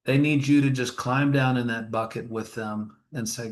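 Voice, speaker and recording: A man's voice: medium pitch, fairly even intonation, normal speed. A man, a grief counselor being interviewed, telling stories in an earnest, emotional way. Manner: earnest, emotional, retells scenes with acted quotes. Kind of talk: storytelling interview talk. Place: funeral home.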